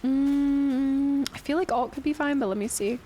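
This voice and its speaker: A woman's voice: high-pitched, a little slow, mellow, a little hiss or hum. A woman streaming a game in a chatty, playful way, thinking aloud and thanking viewers from chat. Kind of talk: casual gameplay commentary.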